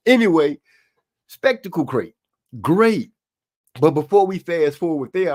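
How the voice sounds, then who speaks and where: A man hosting a live stream, giving rambling, casual boxing commentary with lots of asides. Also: fairly high pitch.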